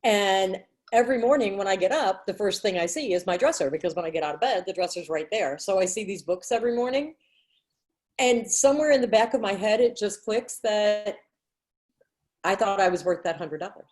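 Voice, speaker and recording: A woman's voice: mid-range voice, a little fast, darkish tone. A woman talking casually in a book club, candid and self-mocking, laughing often. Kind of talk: casual chat.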